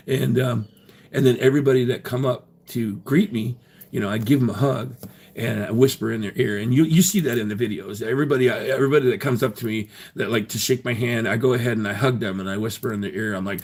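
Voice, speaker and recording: A man's voice: mid-range voice, fairly even intonation, fast, darkish tone, breathy edge. A man telling a story casually on his livestream, rambling with many fillers and restarts.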